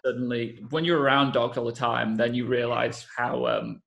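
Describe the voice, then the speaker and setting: A man's voice: medium pitch, normal speed, vocal fry, highs cut off. A young man co-hosting a casual chat, telling jokey stories with playful asides. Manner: lively, jokey storytelling with playful put-on voices.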